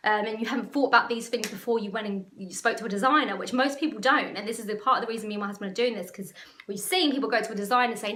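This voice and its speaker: A woman's voice: a little high, very fast, pushed and bright, reverberant. A woman business coach talking to camera in an emotional, passionate, rambling way. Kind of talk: casual talk to camera.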